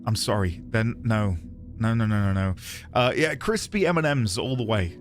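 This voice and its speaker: A man's voice: lowish voice, expressive, normal speed, faint music behind. A man streaming a game, chatting casually and greeting viewers by name.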